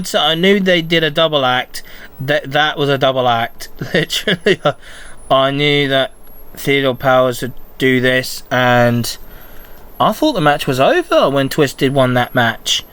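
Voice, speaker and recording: A man hosting a casual solo podcast, recapping in a rambling, excitable fan's manner. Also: mid-range voice, smooth. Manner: rambling, excitable fan chatter. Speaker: podcast host.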